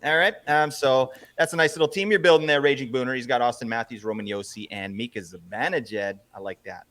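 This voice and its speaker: A man hosting a casual podcast chat, teasing his co-hosts and giving quick recaps. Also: mid-range voice, a bit bright. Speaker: podcast host. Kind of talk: casual fantasy hockey chat.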